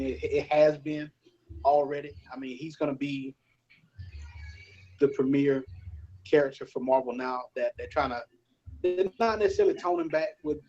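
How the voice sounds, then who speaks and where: A man talks casually on a comic-book panel. His voice is husky and he speaks in a relaxed, hedging way. The recording is dull and lo-fi. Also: medium pitch. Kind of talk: casual roundtable chat.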